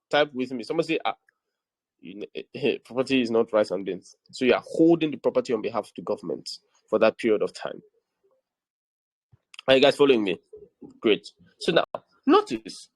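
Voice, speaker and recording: In an online real estate class held over a video call, a man with a medium-pitched voice teaches, repeating key points emphatically and checking in with his students again and again. The recording is rough but has no echo.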